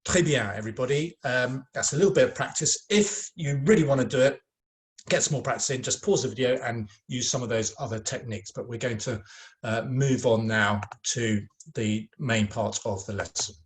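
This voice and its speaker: A man's voice: mid-range voice, moderate pace. A man teaching a French lesson online, speaking to pupils in a patient, encouraging way with a touch of self-mocking humor.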